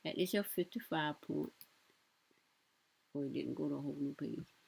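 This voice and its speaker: A woman's voice: deep voice, moderate pace, creaky, darkish tone, slightly rough. A young woman giving casual reaction commentary, blunt and sassy, talking back at the clips she plays. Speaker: commentary vlogger.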